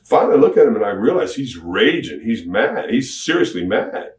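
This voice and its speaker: Recorded on a distant mic in a roomy space with faint background ambience, this middle-aged man, a former pro wrestler, speaks in a lowish voice at a brisk pace. In a candid shoot interview, he drawls through lively stories, acting out the quotes of people involved.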